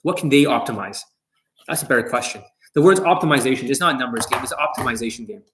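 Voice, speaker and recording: A man's voice: mid-range voice, fast, fairly bright tone. Blunt, foul-mouthed dating coach man. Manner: blunt, boastful, heavy swearing. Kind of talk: profane monologue to camera.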